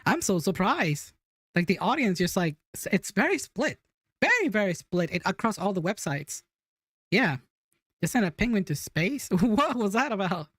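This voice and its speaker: A woman's voice: medium pitch, big pitch swings, normal speed, husky, no room sound, studio quality. A woman hosting a podcast, chatting casually and giggly as she reacts to clips and reads the chat.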